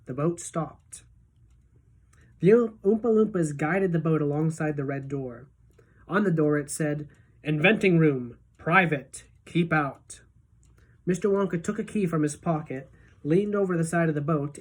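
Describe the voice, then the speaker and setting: A woman's voice: low-pitched, mellow, slightly rough. Woman reading a storybook aloud. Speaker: teacher. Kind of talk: reading a children's novel aloud.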